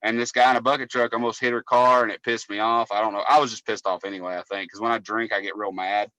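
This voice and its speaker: A man's voice: fairly low pitch, flat delivery, fast talker, sharp tone, no echo, low-quality recording. A man, co-hosting a casual podcast and telling long, profane stories. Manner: profane, rambling storyteller. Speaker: podcast co-host, cable technician.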